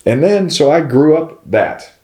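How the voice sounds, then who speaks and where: A man in his thirties with a Texan accent, chatting as a guest on a podcast, animated and quick to laugh. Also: on the high side. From California and Houston, Texas. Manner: animated, laughing, says bro and y'all. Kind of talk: casual chat.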